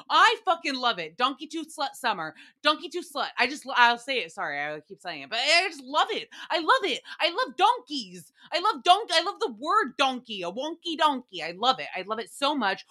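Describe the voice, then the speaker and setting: A young woman hosting a casual recap podcast, animated, profane and giggly as she talks. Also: high-pitched. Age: young adult. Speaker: podcast host.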